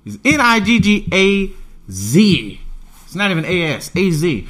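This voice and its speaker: A man's voice: sits high, unhurried. A man in a casual podcast chat, ranting emphatically and swearing freely. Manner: animated, profane, emphatic ranting.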